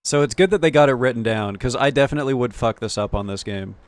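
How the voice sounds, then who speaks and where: A man streaming a game, reading its text aloud quickly and joking, swearing and laughing along. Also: medium pitch, clear, resonant tone, no room sound. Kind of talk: casual gameplay commentary.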